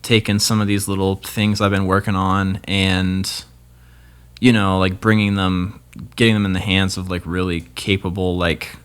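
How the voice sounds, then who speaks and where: A man's voice: low-pitched, level tone, normal speed, clean tone. A young man, a guest guitarist, talking in a laid-back, rambling way with many fillers. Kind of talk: casual chat.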